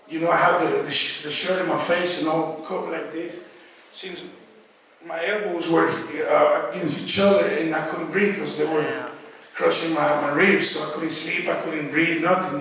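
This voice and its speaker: A man's voice: fairly high pitch, a bit bright. A man giving a church testimony as a guest speaker, telling his story casually and voicing his own past thoughts as quotes. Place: church sanctuary. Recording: echoey church hall, distant mic. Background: faint congregation calling out responses.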